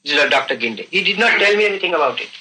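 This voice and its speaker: An older man recounting events in an unscripted interview, earnest and halting, often saying "you see". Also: sits high, lively intonation, sharp tone, slight background noise, poor audio. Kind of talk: unscripted storytelling.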